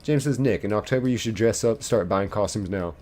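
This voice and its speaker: A man's voice: fairly low pitch, a little fast, a little mellow. A man live streaming a game, reading viewers' chat messages aloud and answering them playfully. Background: faint game music.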